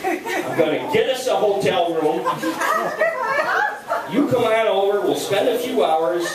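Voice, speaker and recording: A man's voice: sits high, big pitch swings, unhurried, voice pushed up. Older man quoting a coaxing young woman. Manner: coaxing, insistent. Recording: echoey room, distant mic, background noise.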